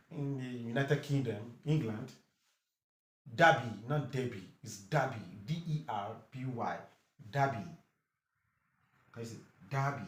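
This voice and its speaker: A man teaching English vowel sounds, saying each word over and over with short explanations in between. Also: medium pitch. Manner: repeats words slowly, drilling pronunciation. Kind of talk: phonics lesson. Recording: echoey room.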